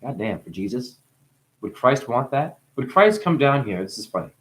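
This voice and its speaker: A man in a rambling spiritual monologue, free-associating through wordplay and profanity, dropping to hushed asides and breaking into crooning. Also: mid-range voice, very animated, normal speed. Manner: profane, teasing. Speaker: spiritual talker.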